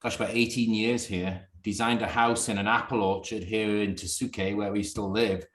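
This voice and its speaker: A man's voice: lowish voice, fairly even intonation, normal speed, fairly bright tone, reverberant. Northern English man, chatty video call. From Northern England. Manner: chatty, laughing, rambling. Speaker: distillery founder. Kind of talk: casual video call chat. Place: upstairs bedroom at home.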